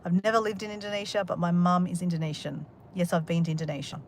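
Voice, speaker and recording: A woman's voice: lowish voice, steady tone, fast, a little hiss or hum. An Australian woman chatting casually on a livestream, rambling and joking with a sarcastic, self-mocking humour as she reads out viewer comments. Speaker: livestream host. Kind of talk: casual live chat reading comments.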